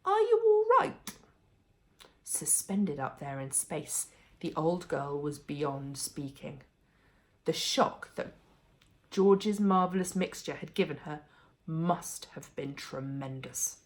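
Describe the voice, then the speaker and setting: A woman reading a children's book aloud as a bedtime story, with expressive, animated storytelling. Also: low-pitched, slow.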